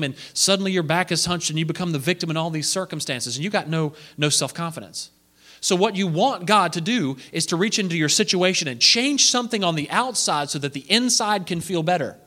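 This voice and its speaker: A man with a fairly high-pitched voice preaches a sermon in an animated way, acting out the voices of the people he quotes.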